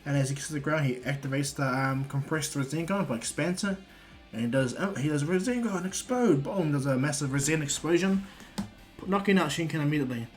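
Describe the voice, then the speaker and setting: A man's voice: fairly high pitch, brisk, faint music behind. Rambling male storyteller. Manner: rambling, many fillers. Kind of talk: casual story retelling.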